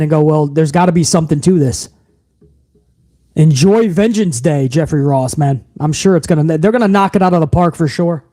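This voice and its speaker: Male live streamer, profane and hyped, high gravelly voice. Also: mellow. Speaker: wrestling commentary streamer. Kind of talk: live stream chat, reading viewer messages.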